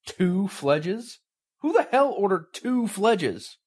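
A man voicing a furious, blustering boss who snaps and shouts his lines. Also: a little high, very animated, fairly quick, breathy edge, voice pushed up. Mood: outraged. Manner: shouting, snapping. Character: furious, blustering middle-aged male boss.

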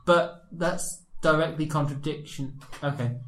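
A man with a slightly raised pitch co-hosts a comic chat, reading aloud in a wry, sarcastic way. The room is roomy and echoey. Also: unhurried, a bit bright. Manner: wry, sarcastic, laughs often. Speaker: podcast co-host.

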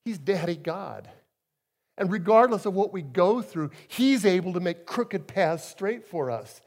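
A middle-aged man preaching a sermon as a guest speaker, telling stories with emphatic swings between soft and loud. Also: high voice, animated, a little slow. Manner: storytelling, emphatic swings in loudness.

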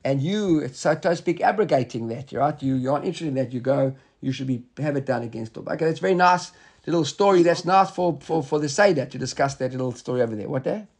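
A man with a high, husky voice teaches a Talmud class. He reads out the Hebrew and Aramaic phrases and then explains each one in plain English. Rhetorical questions keep the lesson moving. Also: quick pace. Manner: rhetorical questions, repeated "right?".

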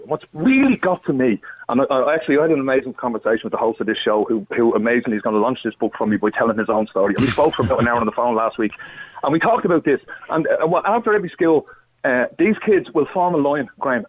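A man with an Irish accent calling into a radio show, telling his own story in an earnest, rushed way. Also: medium pitch, animated, breathy edge. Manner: earnest, rushed, tumbling words. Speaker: phone-in caller. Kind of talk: emotional personal testimony. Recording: phone line.

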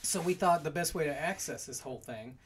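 A man's voice: fairly high pitch, slight background noise. A man chatting casually on a podcast, setting up a story and handing it to a friend. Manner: quick, chatty, hands off the story.

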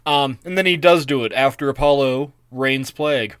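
A man's voice: mid-range voice, moderate pace, fairly bright tone, clean tone, no echo, clean studio sound. A man co-hosting a podcast, chatting casually and going along easily with his partner. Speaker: podcast co-host.

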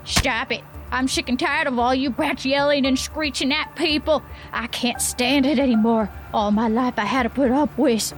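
Woman doing a shrill unhinged gunman. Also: steady tone, moderate pace, few pauses, music in the background, close to an everyday voice. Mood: shrieking. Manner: shrill, childish screeching when enraged. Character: unhinged balding middle-aged man, explosive temper.

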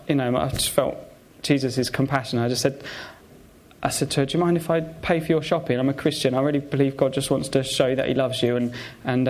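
In a mid-range, slightly mellow voice, a preacher delivers a conversational sermon packed with personal stories. His speech is halting, with lots of fillers and restarts.

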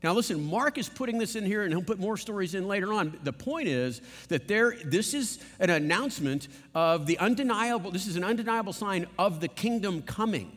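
Speaking quickly and barely pausing, this high-pitched man is a pastor giving a sermon. His delivery is lively and conversational, full of rhetorical questions, while the big hall adds a long echo.

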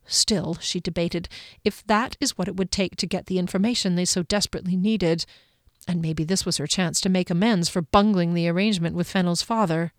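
A woman's voice: on the low side, fairly even intonation, fairly quick, no room sound, clean studio sound. Woman narrating a fantasy audiobook.

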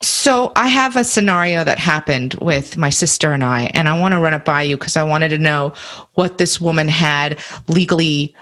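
A woman on a radio talk show telling a story in an animated, expressive way. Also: low-pitched, normal speed.

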